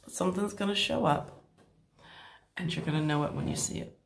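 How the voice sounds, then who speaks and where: Gravelly-voiced woman telling a story. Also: fairly low pitch, a little fast, a little hiss or hum. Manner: animated retelling, uses "like" often, acts out quotes. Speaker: hypnosis coach telling a client story. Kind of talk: casual storytelling chat.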